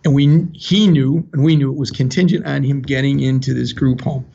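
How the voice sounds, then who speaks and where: A man's voice: medium pitch, steady tone, moderate pace, vocal fry, warm tone, slightly rough. An older man telling a personal story in an earnest, plainspoken way, with emotion close to the surface. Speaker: guest telling his story. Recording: dull lo-fi recording.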